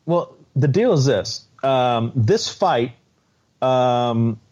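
A man co-hosting a podcast, talking in a halting, restarting way about a reality show episode. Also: medium pitch, animated, a little mellow. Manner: halting, many restarts and fillers. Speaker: podcast co-host. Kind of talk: casual chat. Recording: dull, muffled audio.

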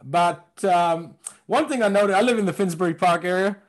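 A man from London whose speech carries an American tinge, chatting loosely as a guest. His voice sits a little higher than most men's, and he jokes and wanders between thoughts. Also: moderate pace. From London, England. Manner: joking, rambling. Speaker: comedian guest. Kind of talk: casual interview chat.

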